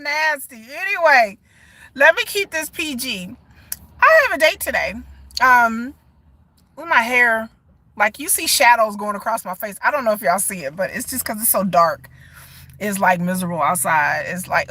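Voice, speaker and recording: A woman, chatting casually to her viewers on a phone live stream from inside a parked car, animated and talkative. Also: a little high, no room sound. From Texas. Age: 40s. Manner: chatty, animated, often laughs and says y'all. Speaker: vlogger. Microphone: phone held at arm's length.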